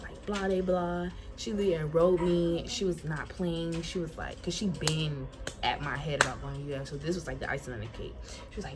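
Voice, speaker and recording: Young woman, storytime vlog, colloquial and animated, acts out quotes, music under her voice. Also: deep voice, moderate pace. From Florida, US. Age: young adult. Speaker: incoming college student. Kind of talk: casual storytime. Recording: music playing behind voice.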